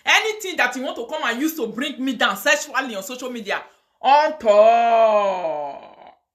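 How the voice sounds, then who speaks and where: A woman's voice: high voice, expressive, fast talker, pushed and bright. A woman with a Nigerian accent ranting on a live video, mixing pidgin, chanting curses and prayers with fire. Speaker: online video host.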